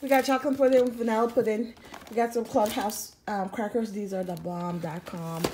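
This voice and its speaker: A woman's voice: on the high side, steady tone, moderate pace, background noise. A woman casually chatting to camera as she unpacks groceries at home, rambling with lots of ums. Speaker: vlogger showing a grocery haul. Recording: crinkling bags and clicks behind.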